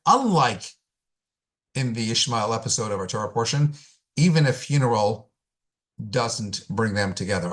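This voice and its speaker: A male rabbi delivering a sermon, telling stories with emphatic repetition and deliberate pauses. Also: medium pitch, a bit bright.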